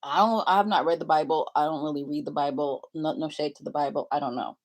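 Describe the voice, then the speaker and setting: A woman's voice: deep voice, fast talker. A young woman vlogging in a rambling confessional chat, full of filler likes and laughing often.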